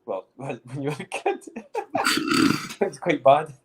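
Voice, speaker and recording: A man's voice: fairly high pitch, wildly swooping pitch, very slow, a bit bright, slight background noise. A Scottish man hosting a casual podcast chat, teasing his co-host with banter. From Scotland.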